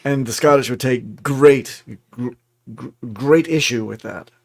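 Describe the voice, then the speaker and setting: A man's voice: medium pitch, measured pace, creaky. A man co-hosting a casual livestream chat, joking and mocking himself. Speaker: co-host.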